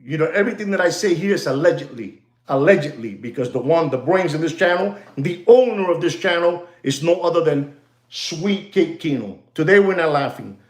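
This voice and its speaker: A man's voice: fairly high pitch, fairly quick. A man hosting a live stream, rambling in a teasing, lecturing way, packed with "you know" fillers. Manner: animated, excitable, constant "you know" fillers. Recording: roomy, echoey room sound.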